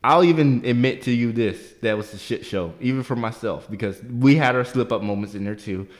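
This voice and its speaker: A man co-hosting a podcast, telling a profane, animated story and leaping into high squeaky voices when he quotes people. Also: brisk. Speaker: podcast co-host. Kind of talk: casual storytelling chat.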